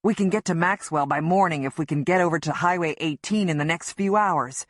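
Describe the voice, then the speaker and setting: A woman's voice: lowish voice, brisk, no echo, clean studio sound, natural voice. A woman voicing a desperate, volatile armed man in an audiobook, pleading at first and then bellowing and hissing threats. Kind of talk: audiobook narration.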